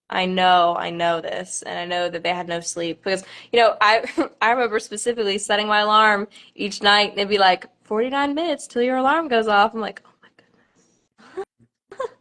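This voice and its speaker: A woman's voice: mid-range voice, fairly bright tone. A young woman, a pageant contestant, chatting on a live stream with nervous laughter and many fillers.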